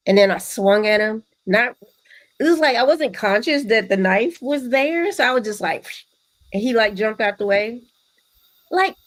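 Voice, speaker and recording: A woman co-hosting a casual show review, chatty and acting out quotes in soft put-on voices. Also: fairly high pitch. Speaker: co-host.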